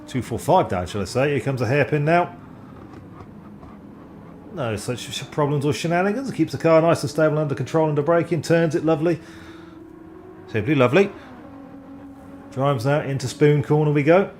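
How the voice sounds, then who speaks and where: A man giving live, rambling commentary on an online sim race, excitable and often stumbling over driver names. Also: fairly high pitch, normal speed, long pauses, a little hiss or hum.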